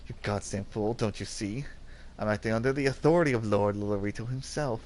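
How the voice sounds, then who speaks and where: A man voicing a scornful, corrupt middle-aged guard captain with a low, blunt manner. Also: a little fast, darkish tone, a little hiss or hum, natural voice. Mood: sneering.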